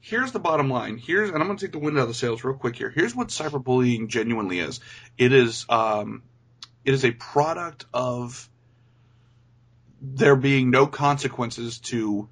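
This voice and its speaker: A man's voice: mid-range voice, fairly bright tone. A man co-hosting a casual movie review chat, blunt and profane, ranting his points with plenty of swearing.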